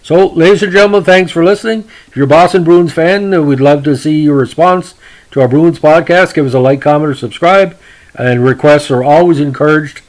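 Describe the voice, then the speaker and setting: A man's voice: fairly high pitch, fairly quick, rough recording. Folksy man hosting a hockey podcast. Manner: folksy, repeats "ladies and gentlemen", many fillers and restarts. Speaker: podcast host. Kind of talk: hockey history podcast monologue.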